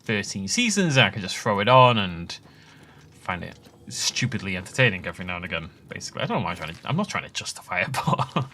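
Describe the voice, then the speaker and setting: A man's voice: sits low, sing-song, quick pace, pushed and bright. A young adult man hosting a let's play, chatting casually and rambling off on tangents while he plays. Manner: chatty, rambling asides with laughs. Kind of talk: casual gameplay commentary.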